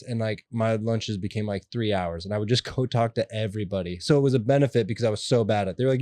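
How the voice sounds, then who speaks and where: A young adult man telling stories as an interview guest, animated and acting out the voices of people in them. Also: mid-range voice, quick pace, dry recording. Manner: animated, acts out quoted voices. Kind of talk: casual storytelling interview.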